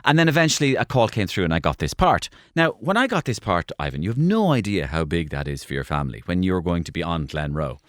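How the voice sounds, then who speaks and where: Man in his forties, low voice, lively anecdotes, radio studio guest, dry close sound. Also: fast talker, hardly any pauses, dry recording. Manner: animated storyteller, repeats phrases. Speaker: guest comedian. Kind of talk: radio interview storytelling.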